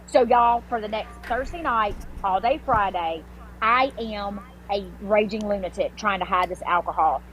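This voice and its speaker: A woman, a podcast guest telling her story in casual talk, animated and swearing freely, with many restarts and fillers. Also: medium pitch, moderate pace, slight background noise, rough recording.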